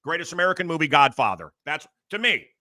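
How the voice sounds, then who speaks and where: A man's voice: fairly high pitch, big pitch swings, fast, bright, forceful tone, no room sound, studio quality. A man hosting a talk show, chatting casually in a rambling, emphatic way with many restarts. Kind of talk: casual interview chat.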